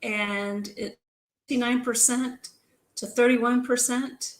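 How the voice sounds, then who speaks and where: A woman's voice: fairly high pitch, fairly even intonation, slow, reverberant, poor audio. A woman co-hosting a live pen show stream, chatting casually, trailing off and restarting, and swearing now and then.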